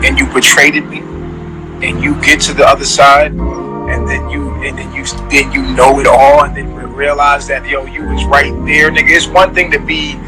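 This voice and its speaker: A man's voice: mid-range voice, level tone, normal speed, low-quality recording. Man, preaching threats over a music bed. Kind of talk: preaching monologue. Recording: clip with loud background music.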